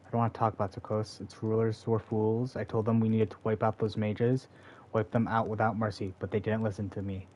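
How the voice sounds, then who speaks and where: A man's voice: fairly low pitch, flat delivery, fairly quick, mellow, muffled recording, close to an everyday voice. A man reading aloud the lines of a proud, bitter forest seer who is a mother, in a stern, defiant, dismissive manner. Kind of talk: reading game dialogue aloud.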